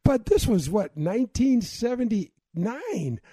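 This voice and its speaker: Excitable high-voiced man in his 60s. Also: slow, breathy edge, no echo. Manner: excited, animated storyteller. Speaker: podcast host, golfer. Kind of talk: casual interview storytelling.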